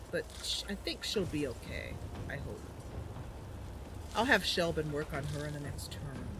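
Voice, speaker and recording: A woman's voice: fairly low pitch, noisy background. A woman streaming a game, chatting and muttering her plans to herself as she plays. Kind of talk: thinking aloud while playing.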